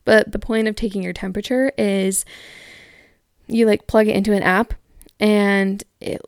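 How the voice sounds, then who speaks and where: Chatty young woman with a gravelly edge. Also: medium pitch, flat delivery, normal speed, dry recording, studio quality. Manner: chatty, frequent "like" fillers, candid. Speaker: podcast host. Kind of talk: casual chat reading listener stories.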